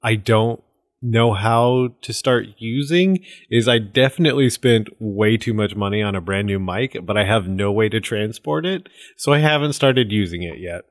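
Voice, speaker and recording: A man's voice: on the low side, moderate pace, no echo, clean studio sound. A man hosting a casual podcast chat, moving the talk along in an easygoing way. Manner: easygoing, leads the segments. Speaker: podcast host.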